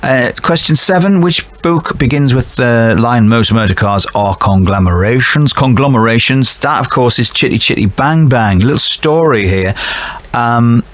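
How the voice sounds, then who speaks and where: Man, middle-aged, quiz host, rambling, jokey, talks to himself, lowish voice. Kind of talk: reading out quiz answers with chatty asides.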